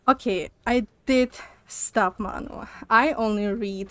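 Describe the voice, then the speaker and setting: Slightly high-voiced and measured, with few pauses, a young woman talks over soft background music during a live stream. She's on a walking pad and a bit winded, chatting animatedly with viewers, cursing and laughing a lot.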